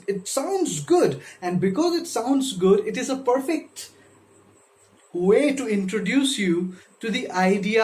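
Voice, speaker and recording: Slow, deliberate lecturer in an echoey room. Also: medium pitch, darkish tone. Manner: deliberate, counts syllables and stresses aloud; frequent hesitations with um. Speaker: literature lecturer. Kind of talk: slow explanatory video lecture. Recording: roomy echo.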